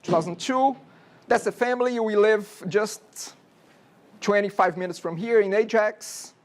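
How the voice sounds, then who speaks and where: Lecturing at a measured pace, a college instructor in his forties speaks with a Brazilian Portuguese accent and a high-sitting voice. He chats and wanders, regularly pausing to ask the students "okay?".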